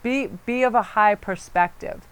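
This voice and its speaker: A woman's voice: fairly high pitch, measured pace, clear, resonant tone. A woman hosting a pick-a-card spiritual reading, talking in a chatty, rambling way with a soothing tone and frequent self-corrections. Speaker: tarot card reader.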